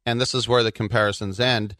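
Man, Bay Area native, podcast co-host, bright forceful voice, anecdotal and quick. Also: on the low side, steady tone, no room sound. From Bay Area, California. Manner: chatty storyteller, quick asides. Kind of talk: casual soccer chat.

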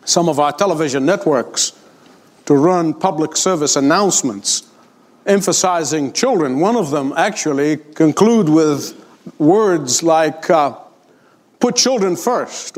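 A man's voice: fairly high pitch, measured pace. An older man preaching a sermon, emphatic and repeating his points for weight. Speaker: pastor.

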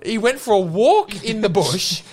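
A man's voice: sits high, very animated, unhurried, a little mellow. A man co-hosting an improvised comedy podcast, laughing through playful banter. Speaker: podcast co-host.

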